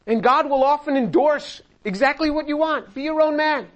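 An older man with a high voice leads a Bible study, talking through the verses in a conversational way. He acts out the voices he quotes and slips in small chuckles. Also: normal speed, a bit bright, low-quality recording. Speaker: Bible teacher and chemist.

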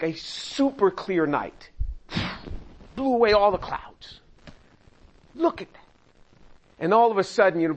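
An older man with a high voice leads a Bible study, talking through the verses in a conversational way. He acts out the voices he quotes and slips in small chuckles. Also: poor audio. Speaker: Bible teacher and chemist.

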